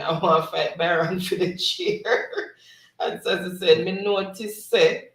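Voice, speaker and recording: Gravelly man reading live chat. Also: fairly high pitch, roomy sound, recorded from a distance, poor audio. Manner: laughs often while reading. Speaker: livestream host.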